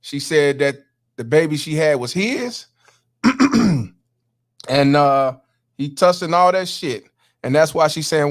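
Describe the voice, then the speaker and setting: A man's voice: fairly high pitch, expressive, takes it slowly, pauses often. A man hosting a stream, casually explaining and reacting to clips for viewers with plenty of profanity. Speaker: host.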